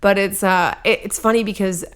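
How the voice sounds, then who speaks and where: A woman's voice: mid-range voice, fairly even intonation, fairly quick, a bit bright, smooth. A young woman from New England, a stand-up comedian telling stories about her dad in a casual podcast chat, swearing freely and acting out his lines. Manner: swears freely, acts out her dad's lines with big laughs.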